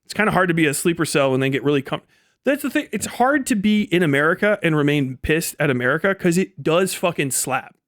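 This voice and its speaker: A man's voice: fairly high pitch, expressive, brisk, fairly bright tone, no room sound, clean studio sound. A man streaming live, ranting sarcastically and swearing constantly. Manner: sarcastic and mocking. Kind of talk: profane livestream rant.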